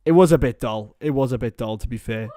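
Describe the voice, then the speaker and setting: A man's voice: mid-range voice, quick pace, warm tone, dry recording. A young man hosting a casual football watchalong stream, joking and chatting to viewers as lads. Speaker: livestream host.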